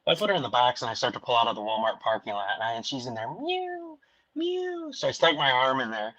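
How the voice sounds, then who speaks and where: A man hosting a casual podcast from home. He tells long stories that wander and restart, in a voice of ordinary pitch. The audio is a little dull and lo-fi. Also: very fast, bright, forceful tone, no room sound. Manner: rambling storyteller with many restarts. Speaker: podcast host. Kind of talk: casual chat.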